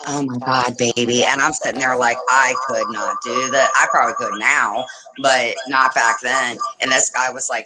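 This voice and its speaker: A woman hosts a casual livestream chat, telling animated stories, swearing freely, and mimicking the people she describes. Her voice is bass and her pace moderate, with a crowd audible behind her and poor audio quality.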